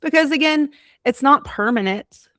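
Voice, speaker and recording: A woman's voice: high-pitched, animated, moderate pace, fairly bright tone, no room sound, studio quality. A woman hosting an interview podcast, reflective and affirming toward her guest. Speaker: podcast host. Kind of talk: conversational interview.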